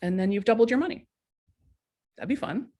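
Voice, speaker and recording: This woman's voice sits a little high and moves briskly as she hosts a live coaching stream through a webcam or laptop mic. Speaking straight to viewers in a blunt, lively, casual way, she delivers motivational talk and plays out the voices in their heads.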